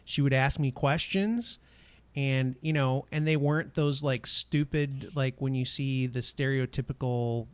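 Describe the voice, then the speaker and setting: A man's voice: mid-range voice, fairly even intonation, unhurried, smooth, no room sound. A man co-hosting a podcast, chatting casually with friends and tossing out joking, opinionated asides. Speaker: podcast co-host. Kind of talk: casual chat.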